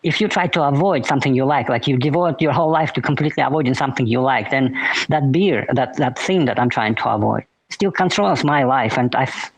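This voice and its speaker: A man's voice: medium pitch, a little fast, no room sound, rough recording. A man co-hosting a podcast, bantering casually and musing in a philosophical way. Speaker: podcast co-host. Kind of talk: casual chat.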